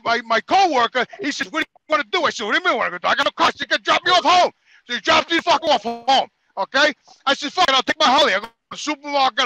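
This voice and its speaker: High, bright-voiced New man ranting. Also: poor audio. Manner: exasperated, heavy swearing, acts out quotes. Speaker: podcast regular. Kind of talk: profane storytelling rant.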